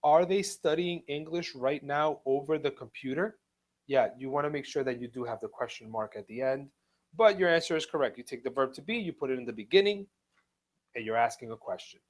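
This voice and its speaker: A man teaching English in a live online class, speaking slowly and patiently, repeating each step and reading example sentences aloud with clear stress. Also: medium pitch, expressive. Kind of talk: live online ESL lesson.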